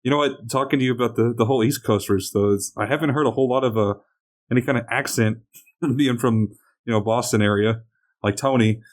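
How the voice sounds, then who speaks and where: A man's voice: medium pitch, brisk. A man hosting a podcast interview, easygoing and curious, laughing often. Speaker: podcast host. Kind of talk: casual interview.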